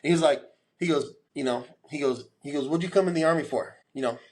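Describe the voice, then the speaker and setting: A man in his forties tells his story as a guest on a talk podcast. His voice sits a bit high for a man, and he slips into the voices of the people he quotes. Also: fast. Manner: animated storyteller, acts out quoted dialogue.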